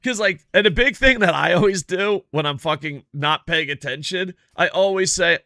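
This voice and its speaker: Bright-voiced swearing gaming streamer man. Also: sits high, moderate pace, few pauses, dry recording, studio quality. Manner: profane, rambling, animated storyteller; chats with viewers while playing. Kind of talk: casual live-stream chat over gameplay.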